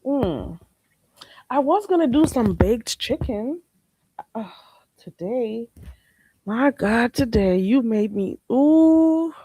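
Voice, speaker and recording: A woman's voice: fairly high pitch, slow pace, long pauses, breathy edge, dry recording. Blunt, sassy woman livestream host. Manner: blunt and sassy, with lots of "baby" and "you hear me"; animated, swinging between loud outbursts and laughter. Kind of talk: casual livestream chat with viewers.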